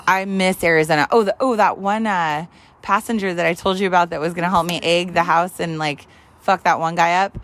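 A woman's voice: lowish voice, fairly even intonation, a little fast, fairly bright tone. A woman in her twenties swapping stories with a friend in casual podcast chat, swearing freely and laughing often. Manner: profane, laughing storyteller. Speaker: podcast co-host.

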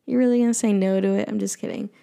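A woman's voice: mid-range voice, fairly even intonation, racing, gravelly, warm tone. A woman hosting an advice show, casually answering listener questions in a playful, teasing way with jokey asides. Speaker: advice podcast host.

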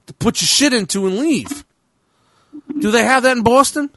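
Man from New Jersey, high lively voice, dry close sound, profane animated storyteller. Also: normal speed, dry recording. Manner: profane, animated, reenacts dialogue. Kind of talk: casual storytelling chat.

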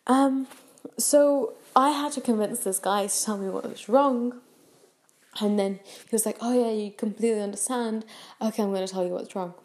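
A woman's voice: fairly high pitch, moderate pace, a little mellow. A young woman hosting a podcast, telling a personal story in a chatty way with many fillers and restarts. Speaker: podcast host. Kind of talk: casual storytelling.

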